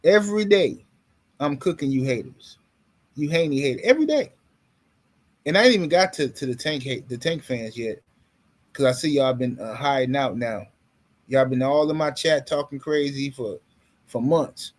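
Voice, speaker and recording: High-voiced man ranting about boxing. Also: moderate pace. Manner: animated, trash-talking, mocking. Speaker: boxing commentary streamer. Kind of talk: casual live-stream rant.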